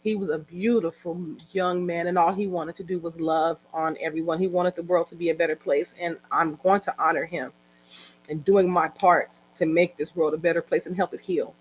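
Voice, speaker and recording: Halting, heartfelt woman hosting a livestream. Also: lowish voice, steady tone, muffled recording, slight background noise. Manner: halting, heartfelt, with many restarts. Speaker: event organizer and host. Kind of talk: emotional personal speech on a livestream. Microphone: video call.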